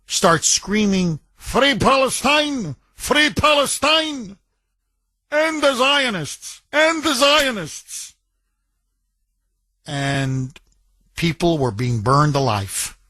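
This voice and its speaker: A man's voice: on the high side, a bit bright, dry recording. A man hosting a talk radio show, delivering an indignant, emphatic monologue and taking calls.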